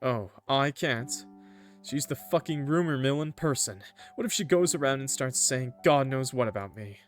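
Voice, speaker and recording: A man voicing a bitter, quick-tempered teenage boy in a story game, speaking in a sneering, resentful way. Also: medium pitch, animated, soft background music, close to an everyday voice.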